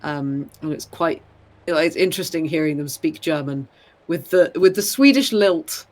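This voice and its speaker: Casual male co-host, higher-pitched, easy laughter, trailing sentences. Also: moderate pace. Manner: chatty, laughs often, trails off. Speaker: podcast co-host. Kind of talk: casual chat.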